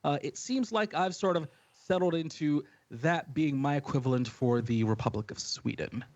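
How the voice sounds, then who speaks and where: A man's voice: on the high side, normal speed, no room sound, highs cut off. A man co-hosting a music podcast in casual, jokey chat. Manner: animated, jokey, sports metaphors. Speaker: podcast co-host.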